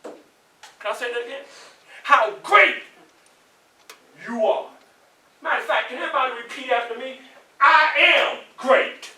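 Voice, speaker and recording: A man with a Southern US accent giving a motivational speech to students in a college hall, preachy and animated, often asking the crowd questions. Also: very high-pitched, normal speed, long pauses, slight background noise. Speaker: motivational speaker. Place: large echoey college hall. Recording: echoey hall, voice from far off.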